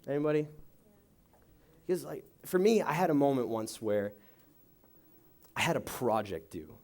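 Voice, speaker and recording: A man's voice: mid-range voice, moderate pace. A young man giving a youth sermon, telling a joke story with acted-out voices before praying and reading. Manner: animated storytelling, acting out voices. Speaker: youth pastor. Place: church youth service.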